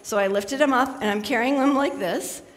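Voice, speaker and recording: A woman's voice: high voice, moderate pace. Chatty woman speaking in a hall. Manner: chatty and storytelling, animated. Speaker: spiritual speaker. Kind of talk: talk to a live audience.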